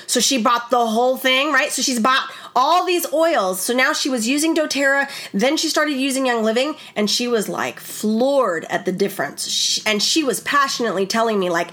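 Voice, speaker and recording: Woman, slightly high-pitched, chatty storyteller. Animated and rambling, full of retold dialogue. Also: a little fast. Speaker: wellness vlogger and former wedding photographer. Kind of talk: casual personal storytelling.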